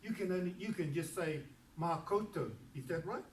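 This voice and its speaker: A man teaching a Māori language class, patiently repeating words slowly and mixing English with Māori. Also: high voice, slight background noise. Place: church hall classroom. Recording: echoey room recorded from a distance.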